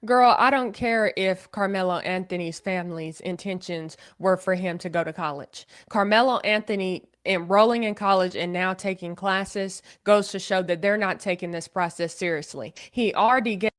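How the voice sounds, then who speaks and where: A woman's voice: mid-range voice, moderate pace, hardly any pauses. A woman with a thick Oklahoma accent giving blunt online commentary in a recorded video.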